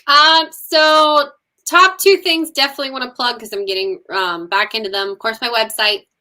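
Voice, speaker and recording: A woman's voice: fairly high pitch, steady tone, normal speed, sharp tone. A woman who is a musician, chatting casually as an interview guest, with lots of ums and likes. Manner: chatty, many ums and likes, laughs often.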